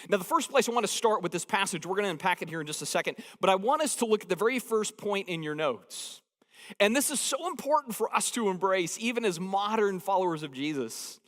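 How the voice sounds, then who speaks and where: A man's voice: high voice, expressive, a little fast, fairly bright tone. A man preaching a sermon as pastor. He talks conversationally and jokes, and he stresses points by repeating phrases. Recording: long hall reverb.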